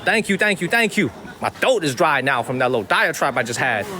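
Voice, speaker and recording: Lively, high-voiced Chicago man. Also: a little fast, a crowd in the background. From Chicago, USA. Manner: emphatic, repeats himself, thanks viewers by name. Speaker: livestream host. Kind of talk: casual live-stream talk to chat. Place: outdoors in a Chinese water town.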